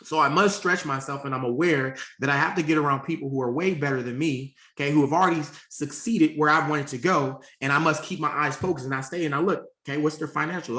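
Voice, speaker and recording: A man's voice: on the high side, quick pace, few pauses, pushed and bright, reverberant. A man, a life coach, giving a motivational talk on changing habits, emphatic and repetitive, often checking in with "okay". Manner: emphatic, repeats points, frequent "okay" check-ins.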